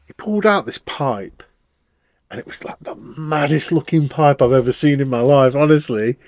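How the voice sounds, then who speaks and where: A man's voice: a little high, normal speed, dry recording. Man telling a story in a dry room. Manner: animated storytelling with frequent laughs. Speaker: podcast co-host. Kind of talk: casual chat.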